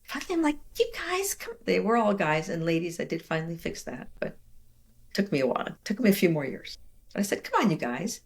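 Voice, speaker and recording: Gravelly-voiced older woman, lower-pitched, lively conversational storyteller, guest on an interview. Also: quick pace. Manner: animated, expressive storyteller with quoted voices.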